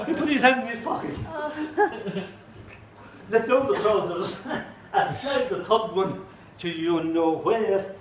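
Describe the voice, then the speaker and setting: A man with an Irish accent telling a folk tale live in an animated way, full of comic asides. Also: sits high, very slow, long pauses, roomy sound, crowd noise, rough recording. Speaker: storyteller.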